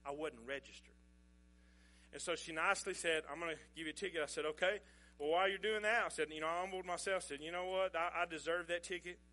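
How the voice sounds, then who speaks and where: Middle-aged man, pastor telling a sermon story, chatty, chuckling, bright tone. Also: fairly high pitch, fairly even intonation, fast. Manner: folksy, chuckling, conversational.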